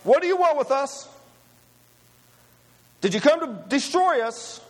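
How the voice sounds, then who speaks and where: A man's voice: very high voice, expressive, measured pace, in a large hall, voice pushed up. A man voicing a frightened demon possessing a man, panicked and repeating anxious questions. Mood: fearful.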